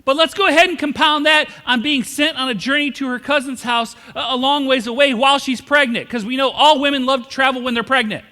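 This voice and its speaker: A man's voice: extremely high pitch, fairly even intonation, fairly quick, hardly any pauses, pushed and bright, in a large hall. A man preaching a sermon as pastor, telling the story with humor and asking the congregation questions. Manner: humorous storytelling, acts out quoted characters. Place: church sanctuary.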